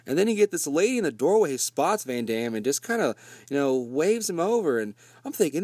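A man's voice: a little high, sing-song, brisk, a little mellow, dry recording, clean studio sound. A man casually recapping a movie plot in a rambling, profane, laid-back way.

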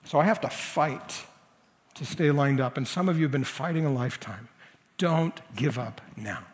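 A man's voice: on the high side, brisk, long reverb tail. A man preaching a sermon as senior pastor, talking to the congregation in a conversational and emphatic way. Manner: conversational, emphatic, leans into quoted voices.

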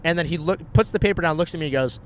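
A man's voice: fairly high pitch, rapid-fire, slight background noise. A young man casually telling a story on a podcast, acting out the people he quotes and swearing freely.

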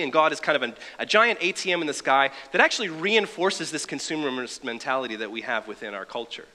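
A man's voice: mid-range voice, lively intonation, fast, hardly any pauses, sharp tone. A man preaching a sermon in a conversational way, with wry asides. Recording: long reverb of a large hall.

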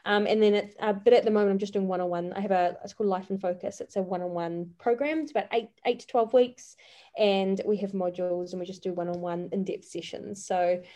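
A woman's voice: medium pitch, steady tone, fairly quick, mellow. A woman, a life coach speaking earnestly as a podcast guest, with frequent fillers and restarts. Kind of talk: casual interview chat.

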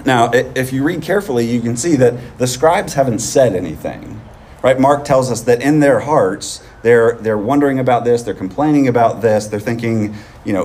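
A man of middle pitch preaches outdoors in a loose, conversational way. He keeps checking in with his listeners. A faint hiss of noise sits under his voice. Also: animated, moderate pace, a little mellow. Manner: conversational, often adds "right?". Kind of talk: sermon. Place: outdoors on a field.

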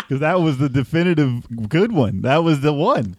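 A man's voice: a little high, a little mellow, no room sound. A man co-hosting a gaming podcast in casual chat, teasing and laughing often.

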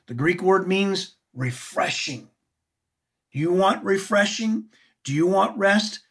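Slow, husky woman teaching a sermon. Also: mid-range voice. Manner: earnest, expressive, asks the audience questions. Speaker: Bible teacher.

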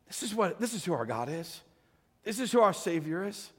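High-voiced preaching man in a hall. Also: very animated, moderate pace. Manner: dynamic preacher, swings from loud acted shouts to soft low appeals. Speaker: pastor. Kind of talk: sermon.

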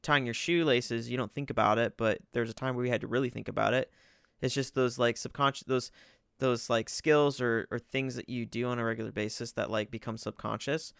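Gravelly young man, dry close sound. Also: medium pitch, steady tone, fairly quick, a bit bright, dry recording. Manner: thoughtful, explanatory, filler-heavy. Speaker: podcast co-host. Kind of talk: casual podcast chat.

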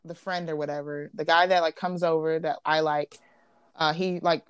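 Lively young woman telling a story. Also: low voice, moderate pace, clear, resonant tone, no room sound. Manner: animated, slangy, acts out quotes. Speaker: podcast host. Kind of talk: casual storytelling chat.

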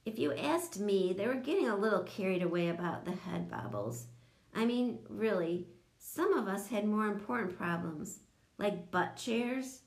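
A woman's voice: mid-range voice, expressive, normal speed, vocal fry, reverberant. A woman narrating a children's audiobook, switching into voices for each character.

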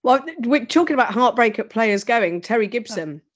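A woman as a guest, telling stories in an animated, storytelling way. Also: a little high, normal speed. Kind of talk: casual fan chat.

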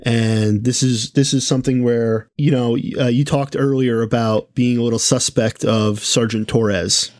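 A man's voice: medium pitch, fairly even intonation, moderate pace, hardly any pauses, a little mellow, no echo, studio quality. A man co-hosting a casual podcast, talking with many fillers and restarts. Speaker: podcast co-host.

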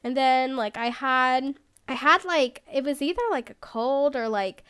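Woman podcast host, high clear voice, casual rambling chat, self-deprecating. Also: a little slow, fairly bright tone.

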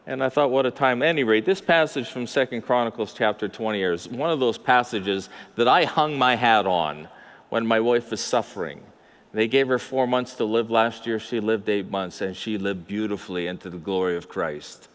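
An older man preaching to his congregation, mid-pitched and conversational, tossing in asides and rhetorical questions. His voice rings out with a long hall reverb, as if recorded in a large church. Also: normal speed, fairly bright tone. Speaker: pastor. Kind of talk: sermon.

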